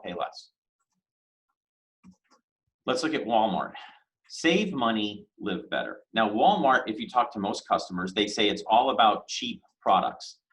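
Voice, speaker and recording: A man teaching a casual business lesson, talking conversationally with rhetorical questions and lively emphasis on key words. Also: fairly low pitch, rough recording. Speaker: business instructor.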